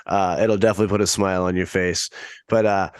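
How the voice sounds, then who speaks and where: A man's voice: low-pitched, fairly even intonation, quick pace, smooth, dry recording, studio quality. A man co-hosting a podcast in casual chat, enthusiastic and stumbling over repeated words. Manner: enthusiastic, stammers on restarts. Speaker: podcast co-host.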